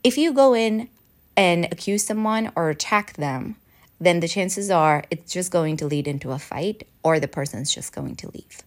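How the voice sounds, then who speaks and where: A woman talking straight to her viewers and coaching them through advice tips, now and then acting out sample lines. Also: lowish voice. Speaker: advice presenter. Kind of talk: direct-to-camera advice talk.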